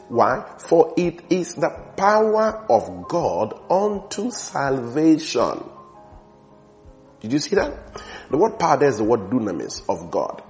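A man preaching a sermon in a church, emphatic, his voice swelling loud on key phrases and sinking low at the ends of others.

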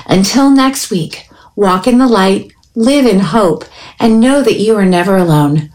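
Female host for a church program's closing; even, read-from-script delivery at a mid pitch. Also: unhurried. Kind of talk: scripted radio outro.

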